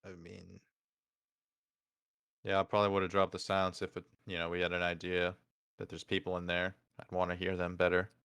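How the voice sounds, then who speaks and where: Deep, smooth-voiced man playing a tabletop game. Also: completely flat delivery, moderate pace, fairly bright tone, dry recording. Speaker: player. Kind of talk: casual tabletop game chat.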